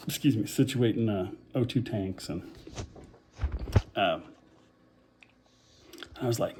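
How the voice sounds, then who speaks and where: A man's voice: mid-range voice, measured pace, long pauses, a little mellow, slight background noise. A man recovering from covid and on oxygen, talking in a rambling, casual video diary with lots of fillers and a short breath. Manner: rambling, many fillers, self-deprecating. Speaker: vlogger.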